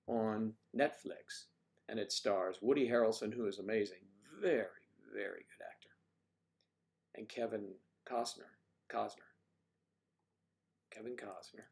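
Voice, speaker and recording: An older man hosting a livestream, chatting casually and rambling, thinking aloud with frequent pauses. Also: fairly low pitch, gravelly, darkish tone. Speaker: livestream host.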